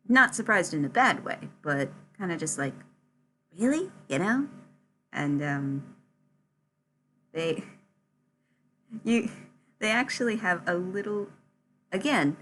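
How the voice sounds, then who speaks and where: A young woman player narrating her character in a tabletop game, slow and halting with many restarts. Her voice sits low but swings widely in pitch. A faint rumble hums under the recording. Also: fairly bright tone.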